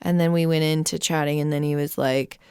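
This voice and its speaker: A woman's voice: deep voice, steady tone, brisk, a little mellow, smooth, no echo, clean studio sound. A woman co-hosting a podcast who chats loosely, laughs often and cracks crude jokes. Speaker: podcast co-host. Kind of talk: casual chat.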